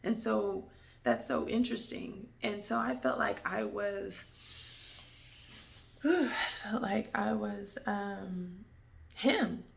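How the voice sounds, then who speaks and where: A woman telling a personal story in a reflective, halting way. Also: medium pitch, gravelly, a little hiss or hum.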